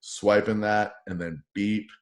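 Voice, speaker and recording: A man with a very low voice tells rambling, profane stories with a joker's timing. He is a radio morning show host chatting casually as a podcast guest. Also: takes it slowly. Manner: profane, joking, animated storyteller. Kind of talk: casual podcast interview storytelling.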